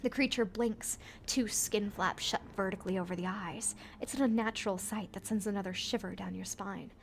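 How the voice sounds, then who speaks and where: A woman's voice: mid-range voice, normal speed, gravelly, slight background noise. A woman reading an interactive story aloud, adding playful joking comments and laughing often. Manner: playful, laughs often, jokes between read passages.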